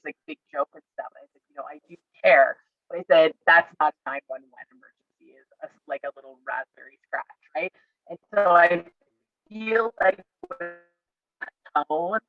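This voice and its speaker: A woman outdoor educator tells stories in a loose, conversational way, acting out both sides of her talks with children and peppering everything with "like" and "I said." The sound is dull and lo-fi, close and dry with no room echo. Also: lowish voice. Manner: lively storyteller who acts out dialogue with kids; frequent "like" and "I said" fillers. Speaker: outdoor educator at a field center. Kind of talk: casual storytelling in an online educator forum.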